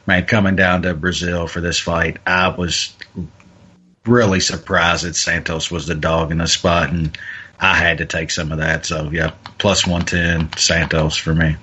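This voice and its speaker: A man's voice: low voice, flat delivery, a little slow, sharp tone, slightly rough, dull audio. A man co-hosting a podcast, chatting casually about fights and bets, often restarting and repeating his words. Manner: hesitant, many restarts and stammered repeats. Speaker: podcast co-host. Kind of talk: casual MMA betting talk.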